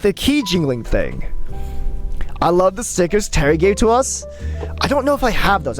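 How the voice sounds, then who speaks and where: A young adult live streamer chatting casually with viewers, excitable and chatty, often restarting sentences. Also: mid-range voice. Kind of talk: casual chat while reading stream chat.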